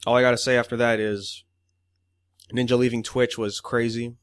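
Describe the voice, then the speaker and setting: A man's voice: medium pitch, flat delivery, normal speed, smooth, dry recording, clean studio sound. A man co-hosting a podcast in loose casual chat, swearing often and laughing as he quotes people. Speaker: podcast co-host.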